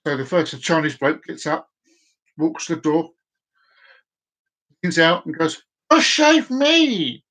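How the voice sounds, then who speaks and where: A man hosts a casual live stream with a high voice. He rambles, tumbles over repeated words and keeps losing his place. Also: fairly even intonation, a little slow, pauses often, a bit bright.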